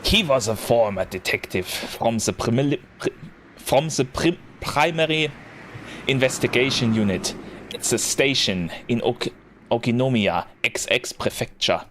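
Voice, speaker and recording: A man's voice: on the low side, measured pace, close to an everyday voice. A man voicing a weary, overworked man in his late twenties, reading narration in a put-on heavy foreign accent, with noise in the background. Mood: weary, reflective. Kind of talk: reading visual novel narration.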